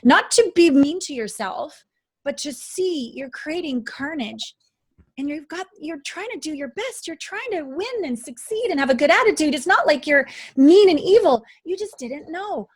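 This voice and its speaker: A woman's voice: high-pitched, animated, moderate pace. A middle-aged woman talking as a guest coach in a casual interview, emphatic and dramatic.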